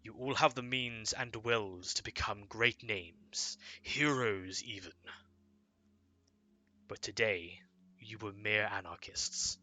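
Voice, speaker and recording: A man narrating a tabletop game as game master, in measured storytelling. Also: fairly low pitch, sharp tone.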